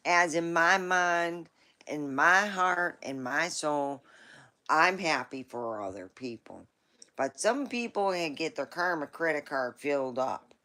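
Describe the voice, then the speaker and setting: Slow-talking, rambling woman host. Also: deep voice, a bit bright. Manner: rambling, folksy storytelling. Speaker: live-stream host. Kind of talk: casual live-stream chat.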